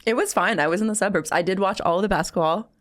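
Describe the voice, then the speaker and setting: A woman's voice: medium pitch, quick pace. A woman co-hosting a sports podcast, chatting in an upbeat, friendly way. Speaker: podcast co-host. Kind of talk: casual chat.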